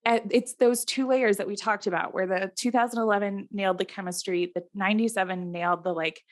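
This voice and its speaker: A woman's voice: medium pitch, fairly even intonation, a little fast. A woman co-hosting a podcast in casual chat, talking chattily, laughing often and acting out quotes. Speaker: podcast co-host.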